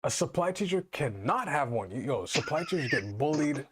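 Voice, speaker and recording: A man's voice: fairly high pitch, normal speed, slight background noise. A man co-hosting a podcast in casual chat, telling stories and laughing as he goes. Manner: laughs while telling stories, lively intonation. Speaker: podcast co-host.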